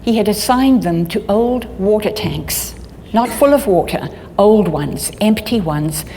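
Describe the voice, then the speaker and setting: An older woman speaking at a conference, telling a personal story in a halting way, often restarting her sentences. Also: medium pitch, lively intonation, dark tone. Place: conference hall. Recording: long hall reverb, faint background noise.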